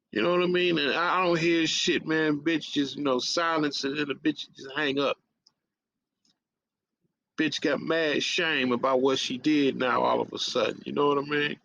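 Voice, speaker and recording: A man's voice: fairly high pitch, steady tone, normal speed, gravelly, fairly bright tone. A man hosting a radio show, telling a casual story in profane streetwise slang and tagging lines with "man". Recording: dull lo-fi audio.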